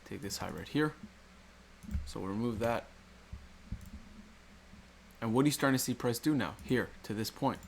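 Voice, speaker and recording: Male educator, mid-pitched, steady and repetitive, slight background noise. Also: normal speed, gravelly, pauses often. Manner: rhetorical questions, repetitive explaining. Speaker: trading educator. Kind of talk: screen-recorded chart walkthrough.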